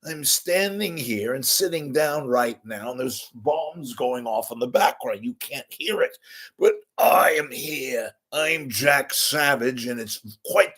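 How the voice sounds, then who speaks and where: A man's voice: mid-range voice, expressive, takes it slowly, fairly bright tone. A man playing a pompous fake British war correspondent in a mock British accent, grave and self-important.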